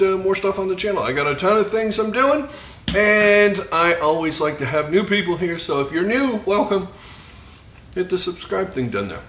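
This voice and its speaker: A man's voice: high voice, a bit bright, echoey room. Joking man hosting a cooking video. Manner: joking, self-mocking asides with quick laughs. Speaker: cooking channel host. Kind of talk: casual cooking tutorial chat.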